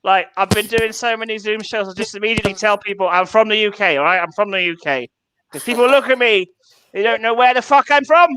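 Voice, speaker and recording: English male comic on a video call; bright, crisp tone, sweary and self-deprecating. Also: high-pitched, fast talker, dry recording. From England. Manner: swearing, self-mocking, laughs at own jokes. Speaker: stand-up comedian. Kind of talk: stand-up set on a video call.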